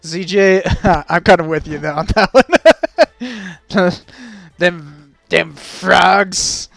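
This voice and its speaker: In this casual stream chat, a man with a high voice reacts to a video at an unhurried pace. He rambles and jokes, laughing frequently and using plenty of fillers.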